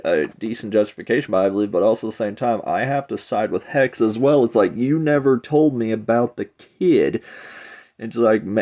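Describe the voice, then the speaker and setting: Low-voiced man rambling through a review. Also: a little mellow. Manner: loose and rambling, full of "it's like" fillers. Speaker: comic book reviewer. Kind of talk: casual spoken review. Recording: dull lo-fi recording.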